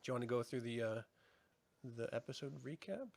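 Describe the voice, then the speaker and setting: A man co-hosting a casual review show, relaxed and chatty, laughing often and swearing casually. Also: medium pitch, a little fast, dry recording, studio quality. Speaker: podcast co-host.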